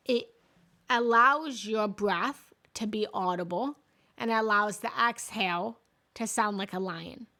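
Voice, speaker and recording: Teaching chakras live in a relaxed, chatty manner, a woman spiritual coach keeps cutting herself off mid-word and laughing at her own slips. She speaks slowly, with a medium pitch and a sharp tone.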